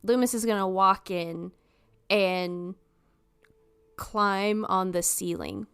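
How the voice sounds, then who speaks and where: A woman describes her character's moves in a tabletop game, speaking very slowly in a smooth, resonant, clear voice. Her pitch is a little low, and the sound is dry and close. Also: animated, a bit bright, no echo. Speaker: player. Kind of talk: tabletop game play, casual.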